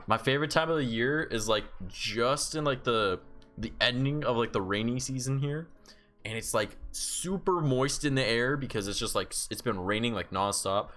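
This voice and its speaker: A man's voice: mid-range voice, a bit bright. A man streaming live, chatting casually and sarcastically, rambling and swearing freely. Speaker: livestreamer.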